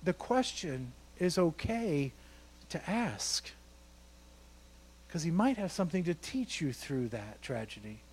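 A man's voice: a little high, big pitch swings, slow pace, a little mellow, breathy edge. A male pastor preaching a sermon, emphatic and repeating words for stress, asking rhetorical questions.

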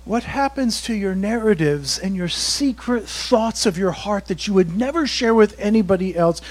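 A pastor with a high-sitting voice preaches a sermon, slowing down to deliver emphatic quotes and chuckling between his points.

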